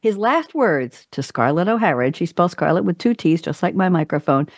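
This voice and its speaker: A woman hosting a talk show, chatting playfully with guests and making quick asides. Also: lowish voice, animated, dry recording, clean studio sound. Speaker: podcast host. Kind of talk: casual interview talk show.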